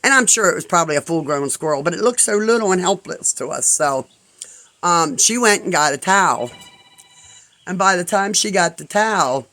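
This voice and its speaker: A man's voice: sits high, expressive, normal speed, bright, forceful tone, poor audio. Rambling man in his fifties telling a story. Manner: rambling, full of "I'm like" and asides. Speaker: vlogger. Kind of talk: casual spoken storytelling.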